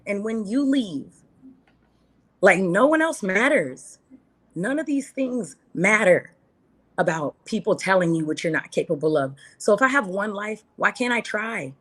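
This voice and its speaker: A woman's voice: medium pitch, animated, a little slow, a bit bright. A woman guest talking candidly in an interview, earnest and heartfelt, repeating phrases for emphasis. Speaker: podcast guest.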